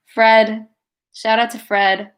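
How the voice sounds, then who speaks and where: A woman's voice: on the high side, little pitch movement, takes it slowly, fairly bright tone, smooth. A young woman hosting a casual livestream, reading out viewer comments and chatting in a gushing, chatty way. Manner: chatty and gushing, many "like"s and "oh my God"s. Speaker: livestream host and cover singer.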